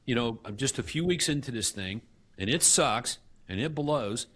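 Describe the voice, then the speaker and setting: A middle-aged man, a guest in an interview, telling his story with animated acted-out dialogue and frequent restarts. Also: mid-range voice, normal speed, breathy edge. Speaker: guest, real estate company CEO.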